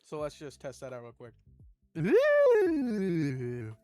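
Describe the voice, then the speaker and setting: A man's voice: medium pitch, fairly even intonation, fast talker, a little mellow, no echo, soft background music. A young man hosting his own channel, chatting casually through an upbeat product review. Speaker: gear reviewer, channel host.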